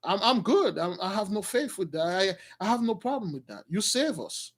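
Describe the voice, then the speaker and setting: A man voicing a devoted young daughter who speaks softly and calmly while retelling a story. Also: high-pitched, normal speed.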